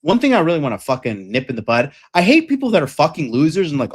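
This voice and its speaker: A man's voice: a little high, very animated, quick pace, hardly any pauses. A young man hosting a livestream, talking bluntly and profanely in a rambling way with lots of fillers. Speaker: dating coach host. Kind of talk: livestream rant.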